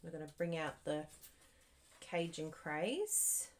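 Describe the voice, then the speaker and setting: A woman crafter chats through a live card-making demonstration, thinking aloud and addressing her viewers directly. Her voice sits slightly low, swings widely in pitch, and moves at an unhurried pace. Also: expressive, slight background noise. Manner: chatty, thinking aloud while working.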